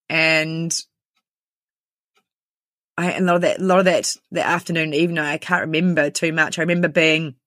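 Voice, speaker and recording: A woman from New Zealand, interviewed, tells the story of a personal ordeal candidly and quickly, full of quoted dialogue as she acts out everyone's lines. Her low-pitched voice has a fairly bright tone, with clean studio sound and no room sound.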